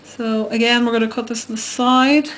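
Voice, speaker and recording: A woman's voice: fairly high pitch, steady tone, moderate pace, fairly bright tone, a little hiss or hum. A woman who hosts her own channel, chatting casually and giggling as she shows how her soap is made. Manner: chatty and giggly, trails off and hesitates. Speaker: soap maker and channel host. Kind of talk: casual chat while demonstrating.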